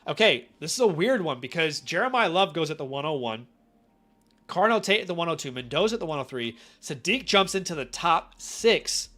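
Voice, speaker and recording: A man with a cold hosting a casual live stream, chatty and animated, often asking his viewers questions directly. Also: a little high, fairly quick. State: has a cold. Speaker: fantasy football live-stream host.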